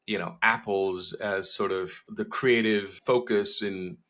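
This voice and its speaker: A man, a marketing guest in an interview, giving measured advice with frequent fillers. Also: lowish voice, fairly even intonation, fairly bright tone.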